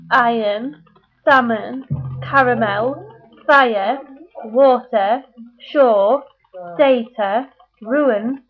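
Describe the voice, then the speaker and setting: A British woman with a fairly high voice reads out a word list one word at a time, then chats through her answers. The sound is thin and tinny, like a phone line. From United Kingdom. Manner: chatty, reads words one by one. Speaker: vlogger.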